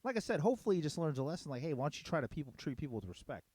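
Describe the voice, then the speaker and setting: A middle-aged man telling a story in a casual podcast chat, heated and profane. His voice is dark and mellow, and his pitch swings a lot. He talks quickly in a dry, close room. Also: sing-song, slightly rough, no echo. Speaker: podcast co-host.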